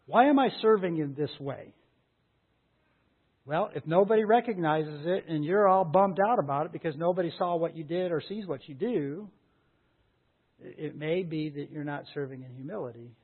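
A man's voice: a little high, normal speed, slightly rough. A man preaching a sermon as a pastor, earnest and full of rhetorical questions. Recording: tinny phone-like sound.

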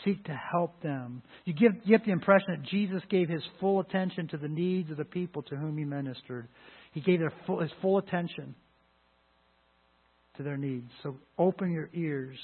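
A man's voice: fairly high pitch, moderate pace, breathy edge. Emphatic man preaching over lo-fi line. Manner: emphatic preaching with many restarts and sudden loud rises. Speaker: pastor. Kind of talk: sermon. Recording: phone-like lo-fi line.

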